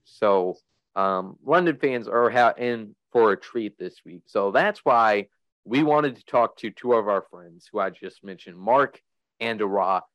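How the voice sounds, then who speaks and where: A man's voice: on the low side, measured pace, no room sound, lo-fi sound. A young man hosting a sports podcast in a casual, rambling way, full of fillers. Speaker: podcast host.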